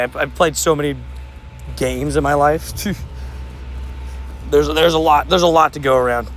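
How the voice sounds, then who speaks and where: A young man streaming, telling sports stories in a casual, animated way, laughing and repeating himself. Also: a little high, slight background noise. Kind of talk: casual livestream storytelling.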